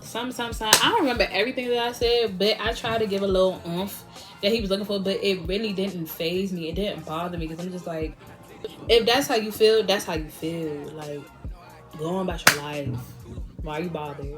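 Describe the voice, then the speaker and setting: A young woman vlogger telling a storytime with animated delivery, laughing often and acting out what others said. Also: mid-range voice, a little fast, over loud music. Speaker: beauty vlogger. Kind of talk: storytime vlog.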